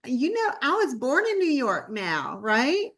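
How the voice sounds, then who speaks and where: A woman's voice: sits high, huge pitch swings, a little slow, fairly bright tone. Bubbly Southern woman in her fifties. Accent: Southern US, North Carolina. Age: 50s. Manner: bubbly, effusive, chatty. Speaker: guest speaker. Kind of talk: casual online presentation.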